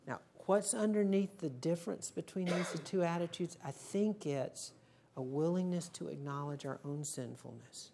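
A woman leading a Bible study, explaining a passage in an unhurried way and checking in with her listeners. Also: low voice, vocal fry, a little mellow. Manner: unhurried, asks the group "okay?" often. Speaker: Bible teacher.

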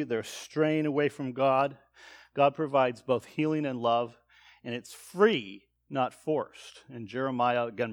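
Male preacher, mid-pitched voice, patient explanatory teaching that lifts for read-aloud verses. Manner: explanatory, reads verses aloud with lifted emphasis.

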